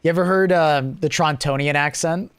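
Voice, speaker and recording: Man, Canadian accent, somewhat high voice, rambling live-stream chatter, lots of likes. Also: a little fast, clear, resonant tone. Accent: Canadian English. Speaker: gaming livestreamer. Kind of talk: casual live-stream chat while gaming.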